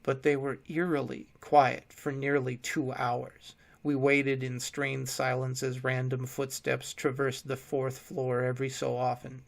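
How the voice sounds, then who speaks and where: A man narrates a horror story in a measured, grim tone. His voice sits at an ordinary middle pitch. It has a gravelly, creaky texture, and he keeps the delivery steady.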